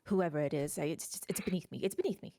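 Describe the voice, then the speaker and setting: A woman's voice: medium pitch, animated, moderate pace, darkish tone, slight background noise, lightly acted. A woman voicing Abigail, a haughty and aloof young witch who mutters complaints with disdain. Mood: muttering.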